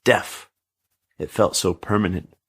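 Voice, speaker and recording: A male storyteller reads a dark family tale aloud with a steady, measured delivery. His voice sits deep and low, with a husky edge to it. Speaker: narrator. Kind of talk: storybook reading.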